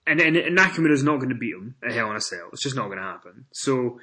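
A man co-hosting a casual wrestling podcast, telling stories with animated swings in pitch and loudness. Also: quick pace. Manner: animated storytelling, rises in pitch and volume when excited. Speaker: podcast co-host.

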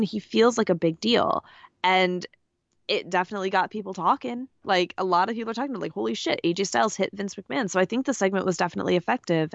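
A woman's voice: mid-range voice, a bit bright, dry recording, muffled recording. A woman co-hosting a podcast, chatting in a rambling way with lots of fillers. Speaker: podcast co-host. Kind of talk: casual wrestling podcast chat.

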